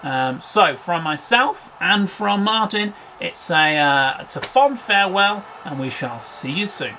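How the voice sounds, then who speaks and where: A man winding up a mock football commentary, polite in a broadcaster's way but rambling and full of ums and uhs. His voice is slightly high and bright, with faint noise underneath. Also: expressive, a little slow, rough recording. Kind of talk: comic parody commentary sign-off.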